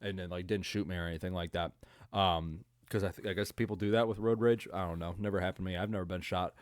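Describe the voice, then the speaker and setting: A man's voice: sits low, steady tone, fast, no room sound, studio quality. A man hosting his own football recap podcast, talking in a casual, profane, rambling way with jokes and laughs. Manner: profane, rambling, joking, with frequent laughs and fillers. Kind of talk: casual solo recap commentary.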